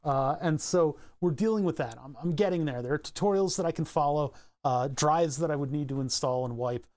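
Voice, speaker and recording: A man with a Philadelphia accent talks through a casual livestream, wandering from topic to topic with easy laughs. His voice sits a little high for a man. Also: brisk, a little mellow. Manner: rambling, chatty, laughs easily. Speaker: streamer.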